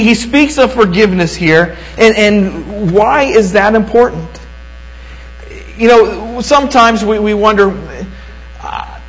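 A middle-aged man preaching a sermon as pastor, earnest, slowing down for emphasis and repeating words as he starts sentences. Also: sits high, rough recording. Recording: mains hum underneath.

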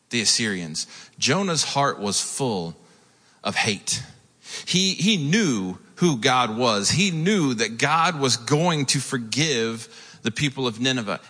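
A man preaching a sermon, telling the story with lively asides and acted-out quotes. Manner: storytelling, acts out quotes with rising pitch. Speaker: pastor. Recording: long hall reverb.

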